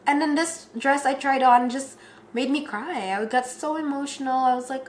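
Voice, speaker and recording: A woman's voice: normal speed, slight background noise. Chatty young woman in an echoey room. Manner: animated, acts out quotes in a higher voice. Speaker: bride-to-be telling her story. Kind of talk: casual storytelling.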